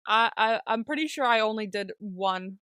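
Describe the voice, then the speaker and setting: A young woman co-hosting a casual podcast, chatty and quick to laugh, swearing casually. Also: mid-range voice, fairly bright tone, clear, resonant tone, dry recording, studio quality. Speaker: podcast co-host. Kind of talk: casual chat.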